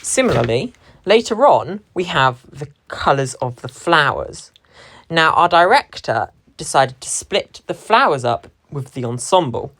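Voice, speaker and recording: A woman's voice: deep voice, big pitch swings, unhurried, fairly bright tone. A young woman, a drama performer, giving a reflective talk about how a stage scene is split between actors. She is analytical and stresses key words when she quotes lines.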